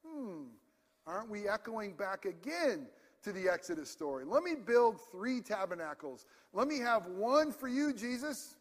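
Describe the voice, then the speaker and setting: A pastor with a high voice delivers a passionate, emphatic sermon in a casual, conversational way. His words trail off into the long reverb of a large hall. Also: sing-song, normal speed.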